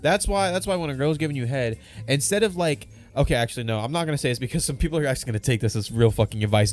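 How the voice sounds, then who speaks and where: A man co-hosting a podcast, telling crude jokes and stories in casual banter. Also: a little high. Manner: joking, storytelling, animated. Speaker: podcast co-host.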